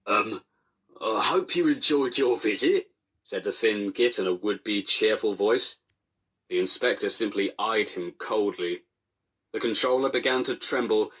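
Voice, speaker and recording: A man giving dry, deadpan comic storybook narration. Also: lowish voice.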